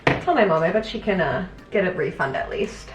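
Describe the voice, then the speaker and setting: A young woman talking casually to camera in a home vlog, chatty and laughing often, her voice sometimes dropping to a soft murmur. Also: fairly low pitch, expressive, a little fast, over music. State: teary from crying. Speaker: vlogger. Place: home, indoors.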